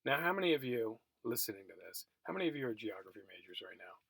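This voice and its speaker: A man's voice: on the low side, sing-song, quick pace, vocal fry, a bit bright, slightly rough, no room sound. Chatty self-mocking male lecturer, dry sound. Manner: chatty, self-mocking, many fillers and restarts. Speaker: college geography instructor. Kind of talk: recorded remote lecture, storytelling. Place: at home, recorded for remote teaching.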